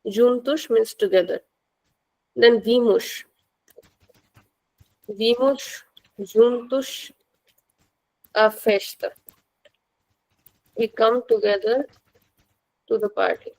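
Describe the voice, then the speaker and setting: Captured in poor audio, a language teacher speaks in a slightly high, somewhat mellow voice. She goes slowly and patiently, repeating words so her students can follow.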